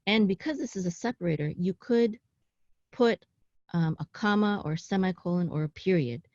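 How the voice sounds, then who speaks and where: A woman with a somewhat low voice walks learners through a Hebrew passage in a casual online class. She pauses often, corrects herself, and checks in with "okay?". The recording is dull and dry, as if from a small, dead room. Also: a little mellow, no room sound. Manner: halting, with frequent ums, self-corrections and "okay?" check-ins. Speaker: Hebrew teacher. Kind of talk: casual online class, explaining text on screen.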